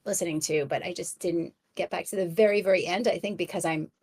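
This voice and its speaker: A woman author chatting as a podcast guest, enthusiastic and quick to laugh, often restarting her sentences. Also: lowish voice, steady tone, darkish tone, husky. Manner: frequent restarts and stammers. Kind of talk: casual podcast chat.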